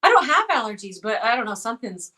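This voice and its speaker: A woman co-hosting a casual live-stream chat, chatty and quick to laugh. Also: on the high side, very animated, sharp tone.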